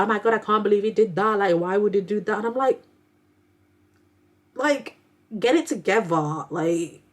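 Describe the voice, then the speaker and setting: A young adult woman chatting casually about books she read, rambling and filling her talk with "like". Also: lowish voice. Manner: chatty, rambling, heavy use of "like" fillers. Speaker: book reviewer, neonatal nurse. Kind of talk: casual book review chat.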